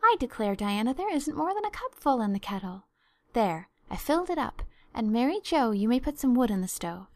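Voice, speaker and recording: A woman's voice: a little high, big pitch swings, darkish tone, dry recording. A woman voicing a chatty, imaginative young girl who talks eagerly and dramatically. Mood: brisk. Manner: eager, effusive, quick to dramatize.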